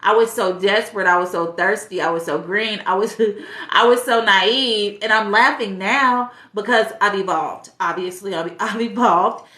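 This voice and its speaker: A woman's voice: mid-range voice, normal speed, bright, forceful tone, roomy sound. A woman life coach with a St. gives direct dating advice, talking straight to the viewer with pointed questions. She sounds a little stuffy from allergies. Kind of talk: casual advice monologue.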